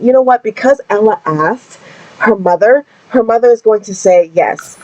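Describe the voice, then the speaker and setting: A woman's voice: a little high, lively intonation, normal speed, no room sound, low-quality recording. A woman narrating a life-simulation game in a chatty, gossipy way, voicing her characters' drama with laughs and lots of fillers. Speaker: game streamer. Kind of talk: casual Sims gameplay narration.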